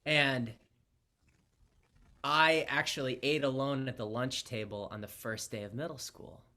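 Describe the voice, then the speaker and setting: A man's voice: mid-range voice, steady tone, measured pace, sharp tone. A man from Canada, a pastor, telling his story in an easygoing, joking way. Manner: easygoing, joking, self-deprecating. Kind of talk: casual interview chat.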